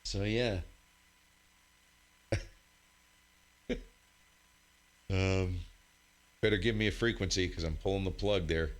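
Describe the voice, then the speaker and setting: A man's voice: sits low, takes it slowly, long pauses. A man hosting a ham radio live stream from his home radio room, chatting in a rambling, joking way and calling out stations. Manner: rambling, joking, self-mocking. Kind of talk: casual live stream chat and radio contest calls.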